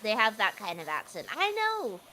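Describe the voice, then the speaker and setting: A woman's voice: medium pitch, wildly swooping pitch, moderate pace, sharp tone, slight background noise. A woman from the North of England, chatting casually while streaming a game and often laughing. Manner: chatty, laughs often, reads game text aloud in a put-on voice. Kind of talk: casual chat over gameplay.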